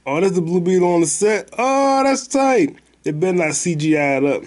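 A man's voice: a little high, fairly even intonation, quick pace, a little mellow. A man hosting a podcast, rambling through stories and movie talk in a loose, profane, slangy way. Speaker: podcast host. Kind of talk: casual podcast chat.

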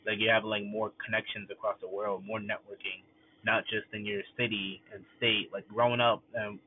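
A man's voice: on the low side, flat delivery, moderate pace. A young man talking in a casual, rambling monologue, full of fillers and restarts. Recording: tinny phone-like audio, faint noise.

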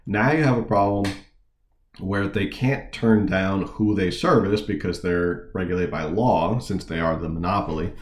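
Guy doing political commentary, reads articles then rambles with snarky asides, deep voice, roomy echo. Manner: informal, digressive, sarcastic asides. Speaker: political talk show host. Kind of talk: casual political commentary with read-aloud articles.

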